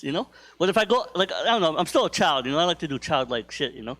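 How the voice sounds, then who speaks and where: A man's voice: very animated, fast, fairly bright tone. A young man doing a stand-up comedy set in a club, rambling through stories with lots of fillers and self-deprecating asides. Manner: rambling, filler-heavy, self-deprecating, with bursts of high-pitched put-on voices.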